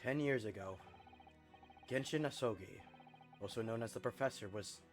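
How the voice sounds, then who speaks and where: A man's voice: fairly low pitch, normal speed, soft background music, pitched below the performer's own voice, natural voice. A man voicing a polite, earnest young defense lawyer in a game reading. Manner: polite, earnest, laughs easily.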